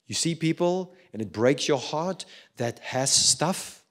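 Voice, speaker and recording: South african pastor guy preaching, kinda high voice, gets loud then goes real quiet. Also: slow. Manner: animated, swings from loud urging to quiet reflection. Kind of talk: sermon.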